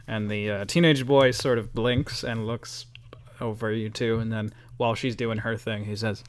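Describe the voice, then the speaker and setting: A man narrating as game master over a call, relaxed and chatty, with fillers and laughs. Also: on the low side, a little slow.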